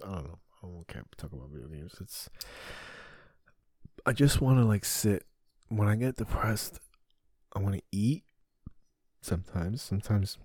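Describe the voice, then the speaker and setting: Brief: male podcast comic, deep husky voice, profane rambling monologue. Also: a little mellow, dry recording, studio quality. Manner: profane, rambling, self-deprecating. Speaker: comedian podcast host. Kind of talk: solo comedic confessional talk.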